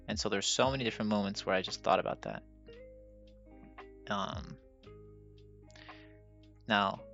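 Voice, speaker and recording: A man's voice: fairly low pitch, vocal fry, fairly bright tone. A young man hosting a podcast, telling personal stories in a rambling, self-mocking way and laughing often. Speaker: podcast host. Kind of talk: casual personal storytelling. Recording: dull lo-fi sound with faint music.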